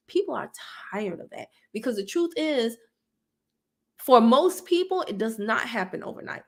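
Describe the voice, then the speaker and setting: A candid woman in her thirties hosts a casual livestream and chats straight to her viewers. Her voice sits a little high, and she laughs easily as she talks. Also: moderate pace. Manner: candid, animated, laughs often. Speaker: online business coach and livestream host. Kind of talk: casual livestream chat reading viewer comments.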